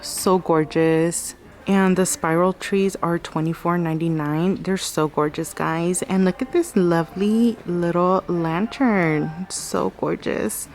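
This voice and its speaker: A woman's voice: fairly low pitch, a little slow, few pauses, a little mellow. A woman vlogging in a craft store, gushing over decorations and reading out signs and prices. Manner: gushing, chatty, reads out sign text and prices. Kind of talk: casual store walkthrough vlog. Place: inside a large craft store.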